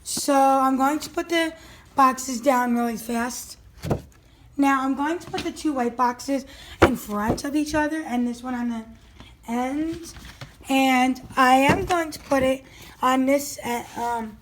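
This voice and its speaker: High-voiced woman coaxing her dog. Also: unhurried, slight background noise. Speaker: vlogger filming her dog. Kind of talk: casual home video narration. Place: at home, indoors.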